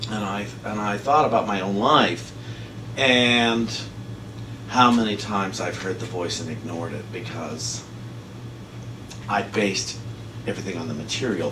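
A man's voice: lowish voice, unhurried, pauses often. A man giving a casual, conversational sermon, telling a story with frequent laughter. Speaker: minister. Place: church sanctuary. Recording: echoey hall, far from mic, noisy.

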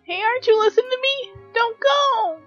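A woman's voice: very high voice, moderate pace, a bit bright, faint music behind, voice pushed up. A woman voicing a clingy little girl in a whiny, pleading way, on a dull lo-fi recording. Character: clingy little girl begging her brother to stay.

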